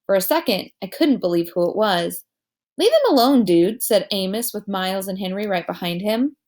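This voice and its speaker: A woman reading a children's novel aloud as narrator, telling it in a lively way and giving each character a voice. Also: medium pitch, brisk.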